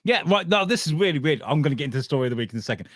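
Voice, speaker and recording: A man's voice: fairly high pitch, lively intonation, rapid-fire, a bit bright, no echo, clean studio sound. A man hosting a casual chat show, rambling and swearing, laughing a lot. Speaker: podcast host.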